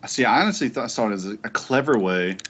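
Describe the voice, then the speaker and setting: A man hosting a casual gaming podcast, talking in a rambling, profane and excitable way. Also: on the low side, fast talker. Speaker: podcast host.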